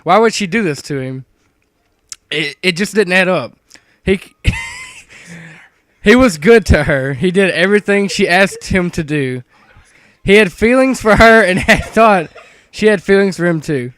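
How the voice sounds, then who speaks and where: A young man reading a silly story aloud, halting now and then and cracking up mid-sentence. His voice sits high and sounds smooth and clean, recorded dry and close. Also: animated, a bit bright, no echo. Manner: halting, breaks into laughter. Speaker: reader. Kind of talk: reading fan fiction aloud with friends.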